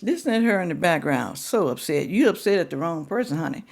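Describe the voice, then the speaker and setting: A woman's voice: lowish voice, lively intonation, fast, creaky. A woman hosting a reaction video who lectures and scolds, repeating her points for emphasis. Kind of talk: reaction commentary.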